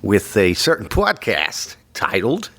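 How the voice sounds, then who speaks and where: A man's voice: on the low side, huge pitch swings, slow, vocal fry, fairly bright tone, dry recording. A man with a Connecticut accent hosting a podcast, playful and goofy in casual chat. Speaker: podcast host.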